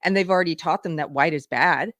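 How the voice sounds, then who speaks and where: A woman's voice: low voice, quick pace, a bit bright, no echo, clean studio sound. Indignant Southern woman hosting a show. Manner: indignant, emphatic, reads items from a list. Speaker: livestream show host. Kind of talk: live political commentary.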